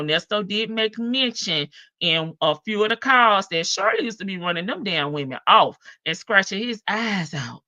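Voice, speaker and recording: A woman's voice: fairly low pitch, bright, forceful tone, no echo, dull audio. A woman hosting a casual commentary livestream, chatty and sassy, laughing often. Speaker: live-stream host.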